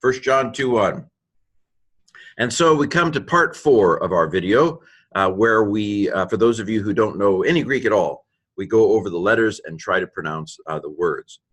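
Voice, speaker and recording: A man's voice: fairly low pitch, expressive, moderate pace, fairly bright tone, slightly rough. A man teaching a recorded lesson on Greek grammar over slides, thinking aloud, correcting himself and making playful asides.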